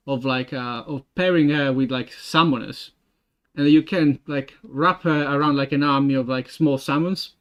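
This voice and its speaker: A young man with an Italian accent, a game developer thinking aloud while he works, halting with many fillers and restarts. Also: mid-range voice. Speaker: game developer streaming his work. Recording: dull lo-fi stream audio.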